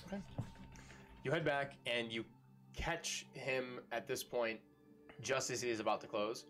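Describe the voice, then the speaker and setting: A man narrates as game master, feeling his way through descriptions with frequent ums and likes. His voice sits at an ordinary middle pitch. He keeps a relaxed, unhurried pace for the scene. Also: faint music behind.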